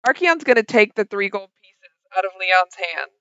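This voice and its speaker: A woman serving as game master, narrating a tabletop game in a calm, steady way with some stumbles. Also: mid-range voice, moderate pace, clean tone, no room sound, muffled recording.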